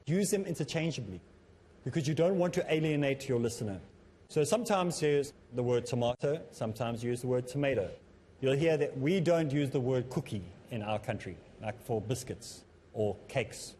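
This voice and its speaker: A man presenting a televised lesson on public speaking, talking in a measured, instructive way that he himself calls a bit monotonous. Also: medium pitch, a little hiss or hum. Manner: self-described as a bit monotonous. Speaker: Islamic teacher and TV presenter.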